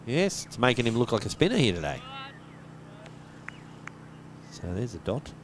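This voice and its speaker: A man's voice: mid-range voice, very animated, quick pace. Jokey male cricket commentator outdoors. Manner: jokey, chatty, laughs often. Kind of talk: casual live commentary. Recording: outdoor stream with loud background noise.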